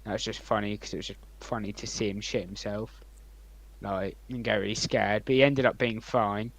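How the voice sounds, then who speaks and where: A young man co-hosting a podcast, rambling through anecdotes with many ums and likes and swinging between loud and quiet. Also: lowish voice, steady tone, normal speed, gravelly, rough recording. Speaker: podcast co-host. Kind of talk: casual storytelling chat.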